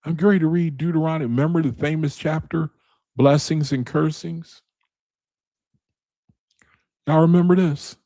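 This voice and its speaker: A man's voice: fairly high pitch, fairly even intonation, normal speed, long pauses, mellow, no room sound. Casual preaching man, dry close sound. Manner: conversational, repeats phrases, addresses viewers as brethren and man. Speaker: Bible study teacher. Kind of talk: casual video Bible study.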